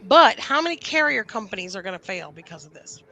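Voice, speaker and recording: A woman talks on a casual live stream from her living room, heard through a video call. Her voice is bright and forceful. She tells stories in an animated way, acting out the people in them. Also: medium pitch, fairly quick. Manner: animated storyteller, acts out callers. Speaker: co-host.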